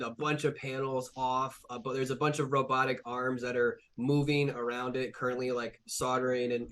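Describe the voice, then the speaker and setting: A man's voice: mid-range voice, a bit bright. Casual male game master narrating. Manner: casual, full of fillers and restarts.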